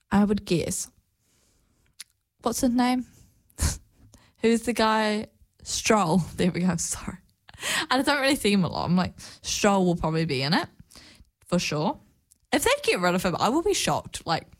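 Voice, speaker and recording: A woman hosting a casual chat, rambling and excitable, with many fillers and restarts. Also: medium pitch.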